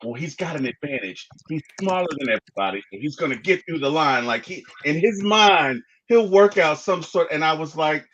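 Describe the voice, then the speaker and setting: A man in casual podcast chat, telling a story with lively swings of pitch and a somewhat raised voice. He acts out what others said as he goes. The sound is dull and lo-fi. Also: brisk, hardly any pauses, slight background noise. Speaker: podcast guest.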